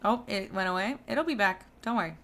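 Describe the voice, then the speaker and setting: A woman's voice: mid-range voice, fairly quick, fairly bright tone. A woman streaming a video game live, chatting casually and a little tired, with a rambling way of talking full of fillers and restarts. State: tired, yawning. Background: faint buzzing of lights.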